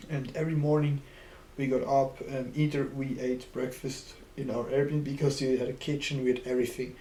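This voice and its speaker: A man co-hosting a podcast, telling a story in relaxed, halting casual chat. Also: medium pitch. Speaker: podcast co-host. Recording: echoey room with faint noise.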